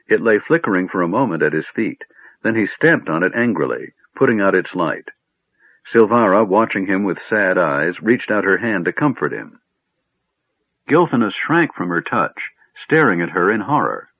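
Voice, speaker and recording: A male narrator telling a fantasy story with a lowish, lively voice that rises and falls freely. The recording is narrow and tinny like a phone line, with a completely dry sound. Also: normal speed, slightly rough, dry recording. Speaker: audiobook narrator. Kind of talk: scripted audiobook narration.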